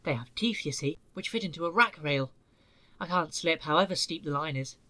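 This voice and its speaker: A man voicing a calm, wise older male engine who talks in a gentle, thoughtful way. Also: a little high, brisk.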